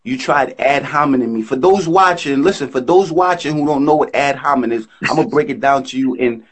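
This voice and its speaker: A man calling in to a live show, insistently arguing his points and trying to talk over the host. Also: a little fast. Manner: insistent, talks over others, lively pitch. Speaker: caller. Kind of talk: heated argument on a call.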